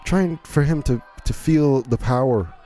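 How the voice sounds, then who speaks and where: A man's voice: medium pitch, a little slow, dark tone, faint music behind. A man hosting a podcast, giving incredulous, rambling play-by-play commentary on a video in a casual way. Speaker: podcast host.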